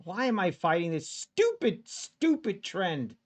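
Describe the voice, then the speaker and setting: A man with a high voice streams his live trades and talks in a slow, drawn-out way. He frets to his chat, begs the market under his breath and then bursts into loud yells. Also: big pitch swings. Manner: anxious, pleading with the market, swings from muttering to yelling. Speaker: livestreaming futures trader. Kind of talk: live trading stream commentary.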